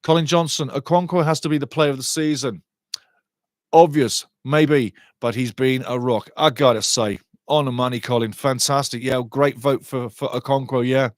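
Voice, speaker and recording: A middle-aged man hosting a live match watchalong, commentating on play and chatting with viewers in a lively, excitable way. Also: moderate pace, dry recording, clean studio sound. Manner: excitable, chatty, rises in pitch and volume on attacking play. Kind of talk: live fan commentary with chat reading.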